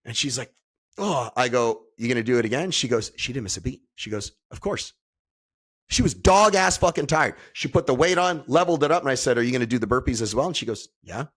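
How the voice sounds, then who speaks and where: A man who is a podcast guest, telling stories in a blunt, profane, animated way. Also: medium pitch, brisk. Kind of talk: casual conversation.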